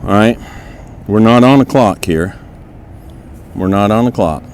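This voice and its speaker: A man who trains horses, giving a plain-spoken, folksy lesson outdoors in a horse yard and talking softly to the horse as he works. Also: lowish voice, measured pace, a little hiss or hum, rough recording. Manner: coaxes the horse softly while working. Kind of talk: hands-on instructional video.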